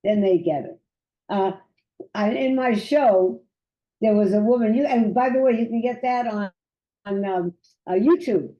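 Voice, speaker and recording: An older great-grandmother chats as a guest, spinning stories in a fairly high, mellow voice. She doubles back on her words and keeps going. The recording sounds dull and lo-fi. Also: unhurried, roomy sound. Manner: lively storyteller, repeats words, laughs. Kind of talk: casual chat.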